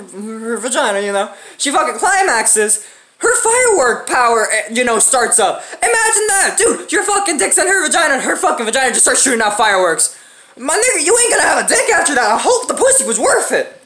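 A woman vlogger rants in a casual, comic ramble, cursing freely and breaking into laughter as she goes. Her voice sits fairly high and bright, with a lively, swooping pitch. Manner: profane, rambling, laughs often. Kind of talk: casual comedic rant.

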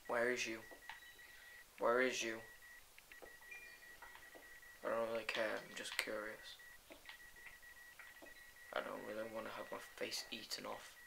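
A woman giving casual gameplay commentary, excitable, dropping to whispers, then yelping and swearing. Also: very deep voice, unhurried, vocal fry, long pauses, background noise. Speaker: let's play gamer.

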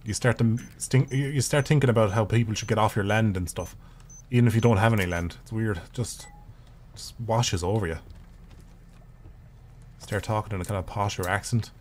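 A man's voice: lowish voice, moderate pace, long pauses, slight background noise. A man streaming a video game, giving casual, profane and rambling commentary with jokes as he plays. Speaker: gaming streamer.

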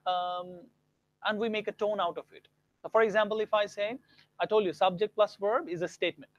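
Brief: young male grammar teacher, high-pitched, dry close sound, swoops up hard on example questions. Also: steady tone, a little fast, no room sound, highs cut off. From India. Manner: explains with exaggerated example tones, rising sharply for questions. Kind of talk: live online grammar lesson.

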